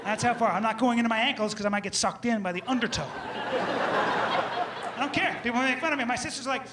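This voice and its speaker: A man performing a stand-up set on a comedy club stage, telling animated stories and acting out scenes in different voices. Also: extremely high pitch, fast talker, very noisy. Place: comedy club stage before a live audience. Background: audience laughter.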